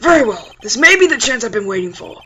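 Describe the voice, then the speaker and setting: A woman's voice: fairly high pitch, very animated, fast, music in the background. A woman voicing an older male lawyer with a put-on Southern US accent, fatherly, fussy and old-fashioned in speech. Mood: troubled.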